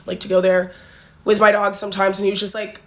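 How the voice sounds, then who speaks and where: A woman's voice: medium pitch, little pitch movement, fast. Blunt young Canadian woman telling stories. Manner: blunt, forward, chatty with many fillers. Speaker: vlogger. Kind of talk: casual storytime.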